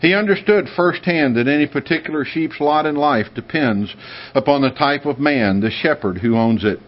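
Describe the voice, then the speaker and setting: A man from the United States preaching a sermon in an emphatic way, with sudden high, excited bursts. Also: normal speed. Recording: dull lo-fi sound.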